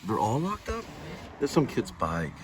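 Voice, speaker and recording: A man's voice: mid-range voice, huge pitch swings, measured pace. A man chatting casually while driving with his wife, rambling and joking as he goes. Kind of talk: casual chat in a car. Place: inside a moving car. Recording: noisy car recording.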